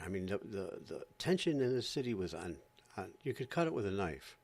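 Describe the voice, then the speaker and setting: Exasperated man ranting, lively pitch. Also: a little fast, husky. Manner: exasperated, sarcastic, repeats himself. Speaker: podcast host. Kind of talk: ranting commentary.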